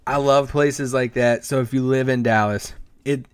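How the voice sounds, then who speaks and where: A man's voice: mid-range voice, fairly even intonation, moderate pace, clean tone, no room sound. A man co-hosting a casual sports podcast, telling loose, rambling stories with lots of fillers and restarts. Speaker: podcast co-host, team site editor. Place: Dallas area.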